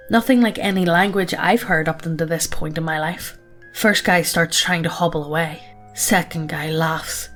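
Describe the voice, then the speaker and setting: Woman narrator, lowish voice, casual and profane first-person horror reading. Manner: casual, profane, present-tense storytelling.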